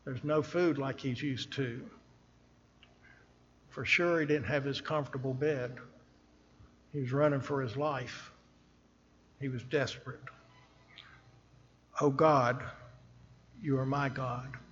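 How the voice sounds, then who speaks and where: A man preaching a sermon from a church pulpit, speaking slowly and earnestly and pressing hard on the scripture he reads. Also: mid-range voice, fairly even intonation, in a large hall, lo-fi sound, a little hiss or hum. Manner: earnest, slow and emphatic, rising on scripture.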